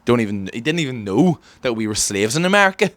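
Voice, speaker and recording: A man's voice: medium pitch, big pitch swings, fast talker, a bit bright, dry recording. A man with an Irish accent hosting a podcast, delivering an emphatic, ranting satirical comedy monologue. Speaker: podcast host.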